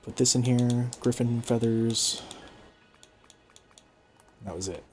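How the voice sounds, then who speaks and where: A man's voice: medium pitch, takes it slowly, slight background noise. Casual male gameplay streamer. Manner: relaxed, explanatory, frequent fillers. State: hiccups. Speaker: gaming streamer.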